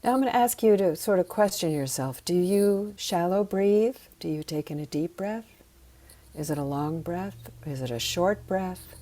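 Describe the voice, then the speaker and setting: A woman teaching sound healing, leading slow, soothing breathing and voice exercises. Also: on the low side, animated, mellow.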